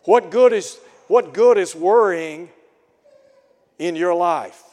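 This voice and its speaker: A man's voice: high-pitched, slow pace, darkish tone. A man preaching a sermon in an earnest way, asking his listeners rhetorical questions. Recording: long hall reverb.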